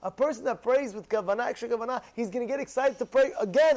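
Rabbi type, man, very high pitch, animated lecturer who acts out examples and hammers points by repetition. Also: fast talker, few pauses. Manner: animated, acts out quoted people, repeats phrases for emphasis. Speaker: rabbi giving a Torah class. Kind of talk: lively Torah lecture.

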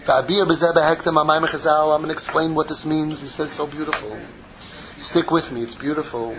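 A man giving an impassioned Torah sermon, mixing Hebrew terms into English and swinging from loud pleading to hushed, intimate tones. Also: on the high side, fairly even intonation, a little slow, a crowd in the background, low-quality recording. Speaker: rabbi giving a Torah class.

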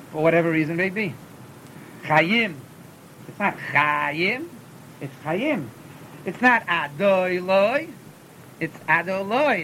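A man's voice: sits high, sharp tone, a little hiss or hum, rough recording. A man teaching cantillation in a class, often repeating words as he explains and chanting short examples. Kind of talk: classroom lesson.

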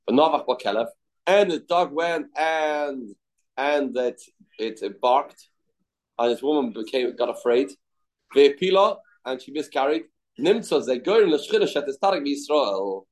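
Teaching Talmud, a man blends English explanation with quoted Aramaic and Hebrew passages, voicing the speakers he quotes through abrupt pitch leaps. He talks at a measured pace with lively intonation, on a low-quality recording.

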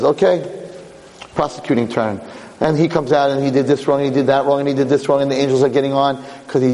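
A man giving a theatrical sermon, telling a story with lively, shifting delivery in an echoey lecture hall. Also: medium pitch. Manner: animated, theatrical, shifting pace. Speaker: rabbi lecturer.

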